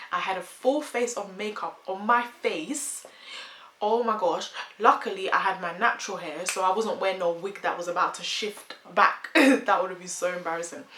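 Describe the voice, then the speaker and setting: A woman's voice: lowish voice, bright, forceful tone. Chatty woman telling a story. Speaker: vlogger. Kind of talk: storytime vlog. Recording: echoey room, faint hum.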